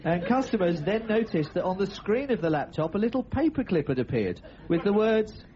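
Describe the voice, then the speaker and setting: A man's voice: high-pitched, very animated, brisk, warm tone, highs cut off, a little hiss or hum. A man hosting a comedy radio show, telling odd news stories with playful, laughing patter. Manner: playful, laughing, jumps into funny voices. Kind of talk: jokey comic radio patter.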